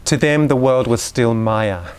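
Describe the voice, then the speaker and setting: A man giving a live lecture on education, talking in a conversational, unhurried way with asides and questions put to the audience. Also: mid-range voice, darkish tone, clear, resonant tone.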